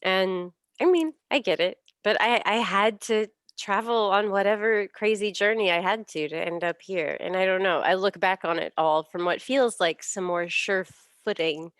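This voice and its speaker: A woman hosting a casual, heartfelt chat, talking thoughtfully and haltingly with light laughs. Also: medium pitch, fairly bright tone, smooth, no echo, studio quality. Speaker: host.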